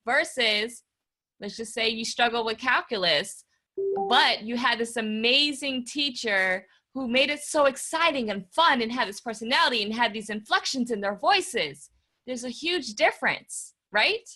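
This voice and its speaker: Woman, workshop host, bright voice, upbeat, chatty teaching. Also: fairly high pitch, animated, measured pace. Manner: upbeat, addresses viewers as guys. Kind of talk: live stream teaching.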